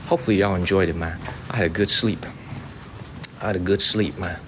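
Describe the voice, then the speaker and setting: A man's voice: low voice, fairly even intonation, fairly quick, pauses often. An American man hosting a casual live-stream tour through an outdoor garden. He is chatty, repeats himself, and calls his viewers y'all. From United States. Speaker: livestream host and tour guide. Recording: noisy outdoor ambience.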